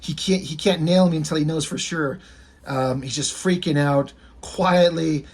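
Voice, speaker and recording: A man in his thirties or forties talks through comic strips in a loose, rambling way and swears without a second thought. His voice is husky and sits a little high for a man. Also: steady tone, a little slow. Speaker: vlogger retelling comic strips. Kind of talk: casual storytelling.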